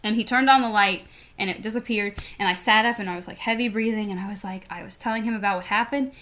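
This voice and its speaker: A young woman in her teens talks through a story in a loose, rambling way. Her voice sits at a middle pitch, and she leans on "like" almost every few words. This is relaxed podcast chat between co-hosts. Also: quick pace. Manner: rambling, says "like" constantly. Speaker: podcast co-host.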